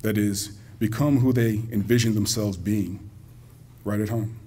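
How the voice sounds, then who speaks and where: At a community banquet in a school hall, a college president addresses the audience directly in a folksy, joking speech. His voice is on the low side and warm, slightly rough, with a steady tone and measured pace.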